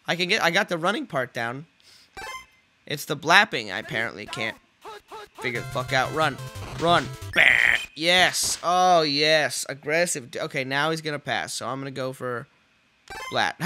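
A man giving casual, rambling commentary while playing a football video game, swearing and yelling at the screen. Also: fairly high pitch, moderate pace, faint music behind. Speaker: let's play host.

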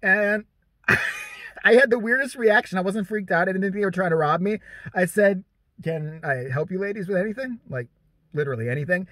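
Brief: young male vlogger, high voice, crude and excitable, dry close sound in a parked car. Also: moderate pace, no echo. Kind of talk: casual storytelling vlog.

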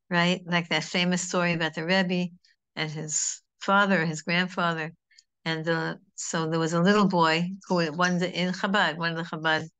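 A woman's voice: lowish voice, fairly bright tone. A middle-aged woman teaching a Torah class in a conversational, digressive way, mixing in Hebrew terms.

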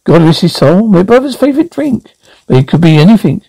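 An actor playing an excitable middle-aged uncle who rambles on, eager to explain things in a sitcom scene. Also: male voice, sits high, a little fast, creaky, no room sound, full character voice, low-quality recording. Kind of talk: sitcom acting.

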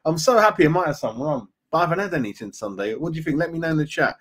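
A man's voice: on the high side, lively intonation, rapid-fire. A man hosting a live fan stream, chatting casually and reading out viewers' comments as he goes. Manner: chatty and matey, reads chat aloud, calls viewers mate. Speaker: fan channel host. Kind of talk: live-stream chat about football.

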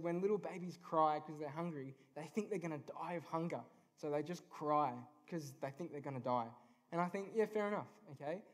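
A man in his twenties or thirties speaks at a youth event, sharing his faith in an earnest, unpolished way. He fills pauses with ums as he goes. His voice sits a little higher than most men's. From Australia. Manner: earnest, informal, with many ums. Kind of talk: personal faith talk. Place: event venue.

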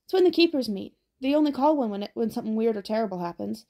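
A woman reading the part of a cheeky, chatty young boy who teases and talks briskly. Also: a little high, lively intonation, dark tone. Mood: teasing.

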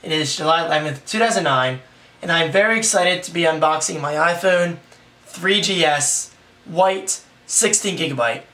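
Hoarse young male vlogger, excited and rambling, a bit high, recorded from a distance with faint noise behind. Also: moderate pace. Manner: excited, rambling, self-deprecating. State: hoarse, raspy from yelling. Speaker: tech vlogger. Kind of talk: casual unboxing vlog.

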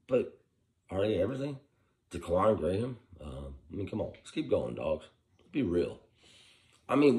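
A man ranting about football, heated and profane, firing off rhetorical questions while hungover. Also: on the low side. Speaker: football commentator. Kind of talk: profane sports rant.

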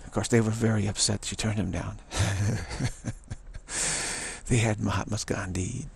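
A man telling a rambling spiritual story in a halting way, often repeating words and restarting. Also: lowish voice, fairly even intonation, vocal fry, husky.

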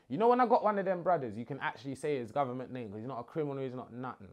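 A man's voice: medium pitch, muffled recording. A young man, half Ghanaian, hosting a casual chat from his living room and answering fan questions with cheeky slang. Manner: cheeky, bantering London slang, lively swings of loudness. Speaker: host. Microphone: phone at arm's length.

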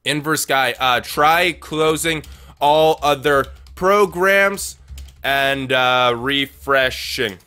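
A man's voice: medium pitch, very slow, bright, forceful tone, clean tone. A man hosting a live game let's-play, talking energetically to chat, repeating his phrases and calling viewers dudes and guys. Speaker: gaming livestream host.

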